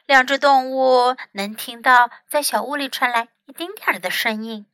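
A woman English teacher reading a storybook aloud slowly and clearly, switching between two languages, on a close microphone. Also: high voice, sharp tone, no echo. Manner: slow, clear, careful reading.

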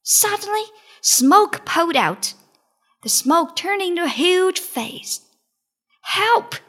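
A woman reading a children's storybook aloud, in a slow, lively, expressive way. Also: very high voice. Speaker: storybook reader.

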